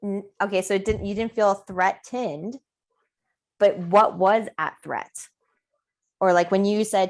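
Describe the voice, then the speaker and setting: A woman's voice: mid-range voice, normal speed. A woman, a parent coach, leading a coaching discussion with questions and role-play over a video call.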